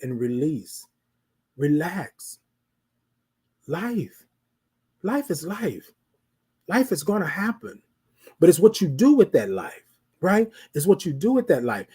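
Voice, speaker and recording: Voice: mid-range voice, slightly rough. A live-show host giving a motivational talk, repeating phrases and often asking listeners rhetorical questions. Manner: repetitive, preacherly, asks the audience rhetorical questions; addresses listeners as ladies and gentlemen.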